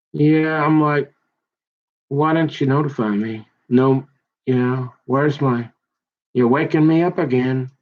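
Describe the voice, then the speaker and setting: A man, rambling through a casual monologue with folksy slang, often restarting his sentences. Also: on the high side. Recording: dull lo-fi sound.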